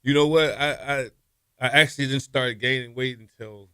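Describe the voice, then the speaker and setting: Guest: middle-aged man, lively storyteller, bright dry sound. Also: moderate pace, smooth, no echo. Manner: animated storyteller, acts out quotes with raised pitch, laughs often. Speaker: former college quarterback, guest. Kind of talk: casual storytelling interview.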